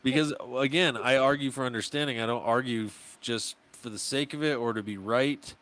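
A man telling stories on a podcast, animated and swearing freely, acting out the people he quotes. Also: mid-range voice, fairly quick. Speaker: podcast guest. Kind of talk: casual podcast chat. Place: podcast studio.

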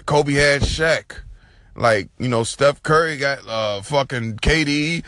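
A man's voice: mid-range voice, takes it slowly, pushed and bright, dry recording, studio quality. A man hosting a solo podcast, talking in a casual, slangy, profane and rambling way. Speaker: podcast host.

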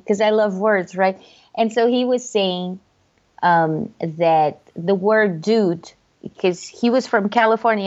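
A woman in casual chat, talking in an animated way and acting out different tones of voice. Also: on the high side, muffled recording.

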